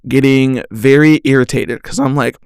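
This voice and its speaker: A man's voice: mid-range voice, normal speed, creaky, clean tone, no room sound, studio quality. A young man hosting a solo podcast, rambling casually through a story with lots of slang and "like" fillers, often laughing at himself. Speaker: podcast host.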